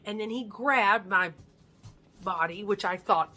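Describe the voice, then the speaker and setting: A woman's voice: mid-range voice, unhurried, sharp tone, slight background noise. A woman giving an earnest motivational monologue, often dropping her voice to a near-whisper. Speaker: motivational speaker.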